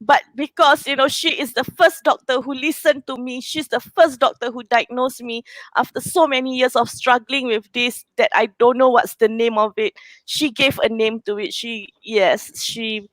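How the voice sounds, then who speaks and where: High-voiced Singaporean woman, emotional. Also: steady tone, normal speed, fairly bright tone, no room sound, rough recording. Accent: Singaporean English. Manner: emotional, heartfelt, full of "you know" fillers. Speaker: guest. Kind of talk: casual chat.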